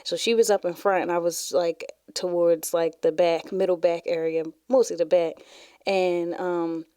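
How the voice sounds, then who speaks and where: A woman with a lowish, warm, mellow voice rambles through stories from her school days, dropping "like" every few words. She sounds close to the mic in a small, dry room. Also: little pitch movement, measured pace, clean tone, no echo. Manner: chatty, rambling, many "like" fillers. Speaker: podcast host. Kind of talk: casual storytelling.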